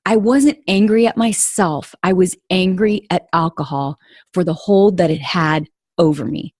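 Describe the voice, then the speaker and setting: Her voice lowish, slightly rough and darkish, this podcast host speaks a little slowly as she confides a personal story directly to her audience, whom she calls "you guys." She sounds earnest throughout. The sound is studio quality with no echo.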